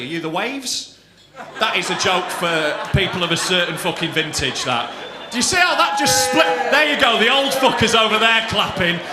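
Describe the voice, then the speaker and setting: A brash comedian teasing the front row, his high voice leaping around with bursts of swearing. It is recorded on a comedy club stage, and the room rings with crowd laughter. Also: roomy sound, noisy background. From England. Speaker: stand-up comedian. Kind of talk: crowd work stand-up.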